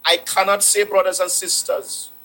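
A man's voice: high voice, little pitch movement, moderate pace, bright, forceful tone, slight background noise, rough recording. A man preaching a sermon, repeating phrases for emphasis and quoting scripture.

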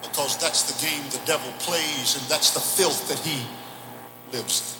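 A man preaching a revival sermon, impassioned, swinging from shouted declarations to hushed, intimate passages. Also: fairly high pitch, a little slow, roomy sound, background noise. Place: large church or auditorium.

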